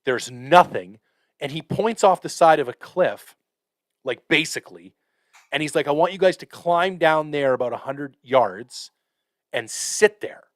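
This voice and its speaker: A man with a slightly high voice tells a long story on a podcast. His delivery is casual and animated, full of swearing and fillers. The recording is dry and close. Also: a little slow, no echo. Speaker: podcast host.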